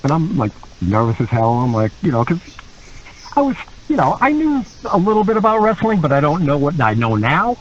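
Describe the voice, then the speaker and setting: A man, a guest on a podcast, telling a story in a casual, animated way, laughing often and acting out quotes in other voices. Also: a little high, brisk, highs cut off, slight background noise. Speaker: guest wrestler.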